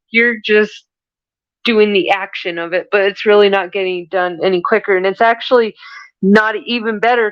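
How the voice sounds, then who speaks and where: A woman's voice: on the high side, no room sound, dull audio. A woman hosting a podcast, giving a spiritual reading in an earnest, preachy manner that rambles with restarts. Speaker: spiritual reader and podcast host. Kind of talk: channeled spiritual message monologue.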